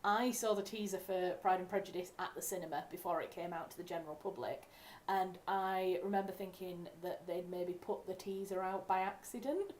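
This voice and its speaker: A woman's voice: on the low side, fairly quick, a little mellow, slight background noise. A young woman from England, a writer hosting a casual livestream at home, talking in a chatty, rambling way and correcting herself as she goes. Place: home room.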